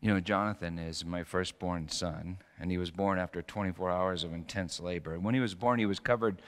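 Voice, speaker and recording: A middle-aged male pastor preaching a sermon, telling stories with sudden loud bursts and quiet drops. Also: low voice, fairly even intonation, brisk, long reverb tail.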